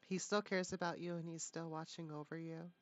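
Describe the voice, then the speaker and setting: A woman giving a live tarot reading, talking in a halting way with many fillers and restarts. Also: low voice, little pitch movement. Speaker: tarot reader. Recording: dull lo-fi, dry sound.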